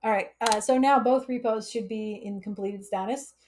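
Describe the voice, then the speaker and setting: A woman's voice: on the high side, steady tone, moderate pace, darkish tone, slight background noise. A woman hosting a casual live coding stream, chatty and laughing often as she reads chat aloud. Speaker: livestream coding instructor.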